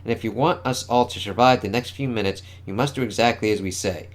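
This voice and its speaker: A man's voice: lowish voice, quick pace, close to an everyday voice. A man reading the lines of a stern telepathic woman who leads a resistance, in a firm, commanding tone.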